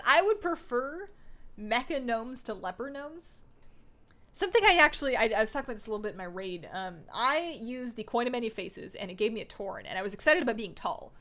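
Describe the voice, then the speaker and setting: A woman's voice: fairly high pitch, animated, normal speed, fairly bright tone. Chatty woman streaming a game. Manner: chatty, thinks aloud, reads viewer chat and answers it, laughs often. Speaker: livestream host playing an online game. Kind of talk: casual gaming livestream chat.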